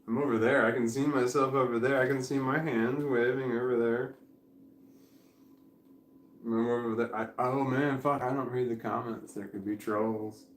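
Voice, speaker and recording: Sleepy guy rambling on a home stream, swears a lot, laughs between thoughts, middle pitch, kinda echoey room. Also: fairly even intonation, normal speed, a little hiss or hum. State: drowsy and foggy. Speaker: vlogger. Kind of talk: rambling live stream monologue. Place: indoors at home.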